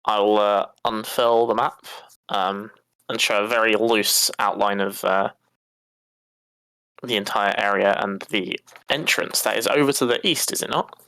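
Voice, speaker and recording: Man, tabletop player, hesitant, lowish pitch, dry close sound. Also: steady tone, a little slow, sharp tone, smooth, no room sound, poor audio. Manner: hesitant, unsure. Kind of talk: tabletop role-play chat.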